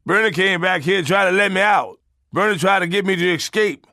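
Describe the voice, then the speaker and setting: A man's voice: sits high, a little fast, creaky, sharp tone, dry recording, clean studio sound, voice pushed up, full character voice. A man voicing his unstable uncle, who is kept locked in a back room, speaking plaintively. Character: unstable middle-aged uncle locked away.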